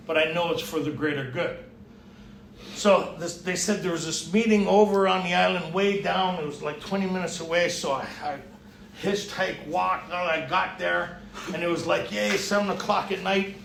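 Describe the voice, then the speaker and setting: A man's voice: high-pitched, normal speed, creaky, fairly bright tone, slight background noise. A man speaking at a recovery retreat, telling a personal testimony and acting out the dialogue, often laughing. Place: retreat meeting room. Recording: echoey room, mic far off.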